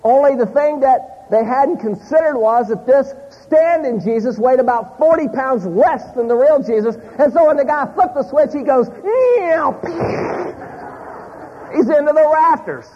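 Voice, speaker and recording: A man preaching a sermon, telling an animated story to a live congregation in a church. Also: very high voice, normal speed, hardly any pauses, breathy edge. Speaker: pastor. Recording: muffled audio in a large hall.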